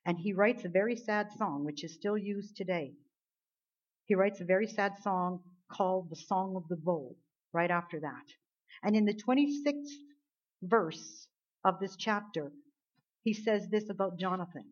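Husky-voiced woman preaching earnestly. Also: lowish voice, normal speed. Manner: earnest, emphatic retelling with rhetorical questions. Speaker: Bible teacher. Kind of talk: sermon. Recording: dull lo-fi recording.

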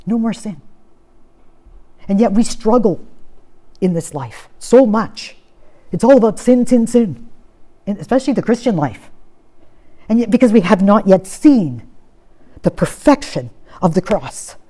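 A woman preaching a sermon, swinging between urgent, rising appeals and hushed, solemn passages. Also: mid-range voice, lively intonation, unhurried, pauses often.

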